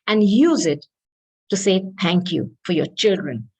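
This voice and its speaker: Woman tarot reader, slightly low voice, earnest and coaxing, keeps checking in with the listener. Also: expressive, dark tone, breathy edge, low-quality recording. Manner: reads card messages aloud slowly. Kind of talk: tarot reading monologue.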